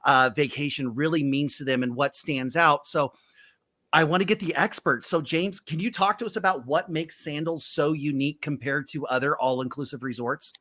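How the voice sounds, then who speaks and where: An upbeat man hosts a casual live stream over a video call and teases his guests playfully. His voice is bright and a little high. The sound is dry and close. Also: normal speed, no echo. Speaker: travel agent hosting a live stream.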